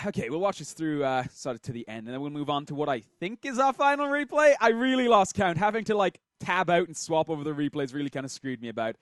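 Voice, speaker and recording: A man's voice: fairly high pitch, lively intonation, fast, hardly any pauses, fairly bright tone, no echo. A man hosting a show, casually commenting on game replays and thinking aloud with fillers, close to a desk mic.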